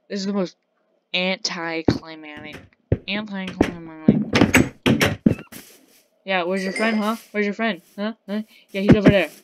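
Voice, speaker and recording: A woman's voice: lowish voice, slow, long pauses. A woman giving casual gameplay commentary, playfully trash-talking the characters in her game. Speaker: gaming channel host. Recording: loud background noise.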